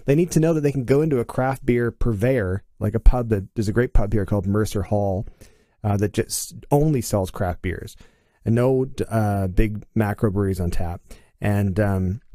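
A man's voice: on the low side, moderate pace, mellow, no echo, clean studio sound. A middle-aged man from Canada, a podcast guest telling stories in casual conversation and acting out quoted dialogue with animation.

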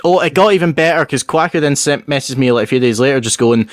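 A young man co-hosting a casual chat, telling lively stories and acting out voices. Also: mid-range voice, fast, dry recording, studio quality. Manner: animated storyteller who acts out voices and yells. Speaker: podcast co-host.

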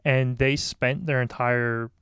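Host: man with a smooth, crisp voice, curious and encouraging, dry room. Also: medium pitch, fairly even intonation, slow, fairly bright tone, no room sound. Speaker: podcast host. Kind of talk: casual interview.

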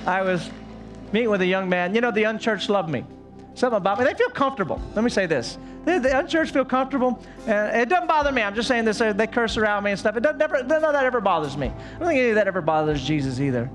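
A man's voice: sits high, lively intonation, fast, faint music behind. A male pastor preaching a sermon to his church, fervent and exclamatory with folksy asides. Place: church service.

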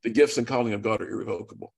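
A man tells his story with earnest drama, acting out each exchange. His voice sits low and gravelly, with a husky edge to it. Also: steady tone, very fast, a little mellow. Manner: earnest, dramatic retelling with quoted dialogue. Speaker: guest speaker. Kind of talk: storytelling testimony.

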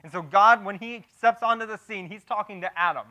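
A man preaching through a passage verse by verse, his voice fairly high and bright with a sharp edge. He sinks to a grave hush on heavy points, then pushes up to loud, animated emphasis, restarting and repeating words as he goes. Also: fairly quick, low-quality recording. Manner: swings between hushed gravity and loud animated emphasis; frequent restarts and repeated words when improvising. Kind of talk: expository sermon.

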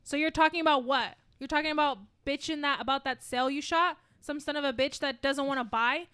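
A woman reading the part of a crude, commanding male sales boss in an amateur scene reading on a podcast, delivered loudly and assertively. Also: high voice, fairly quick, no echo. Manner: loud, assertive line reading.

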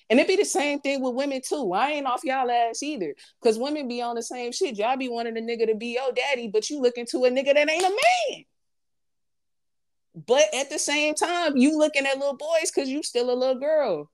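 A woman's voice: sits high, brisk. A woman, talking bluntly and profanely in casual chat, repeating her points for emphasis.

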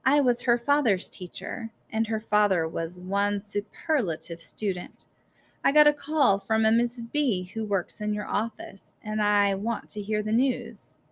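A woman doing a raspy old male smoker. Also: medium pitch, a little slow, natural voice. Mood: earnest. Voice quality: raspy whisper. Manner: growling, coughing. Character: older male former teacher, gruff smoker.

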